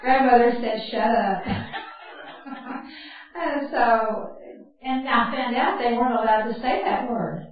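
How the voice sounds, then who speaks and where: An older woman with a fairly high voice gives a down-home teaching talk, chatty and quick to laugh at herself. She is heard from a distance in a very echoey hall, and the sound is dull and muffled. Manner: folksy, chatty, laughs at her own stories. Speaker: Bible camp speaker. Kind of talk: teaching talk mixed with personal stories.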